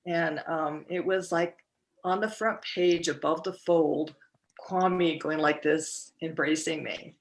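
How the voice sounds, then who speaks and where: Woman telling a story with halting fillers. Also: low voice, steady tone. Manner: halting, many fillers and restarts. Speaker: guest. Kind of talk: storytelling in a podcast interview.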